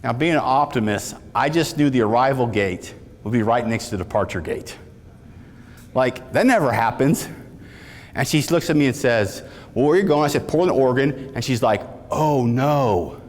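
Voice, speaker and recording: A man's voice: mid-range voice, normal speed. A man giving a motivational keynote speech, telling a story with energy and calling out to the audience. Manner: animated storytelling with audience call-outs. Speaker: keynote speaker. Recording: reverberant hall.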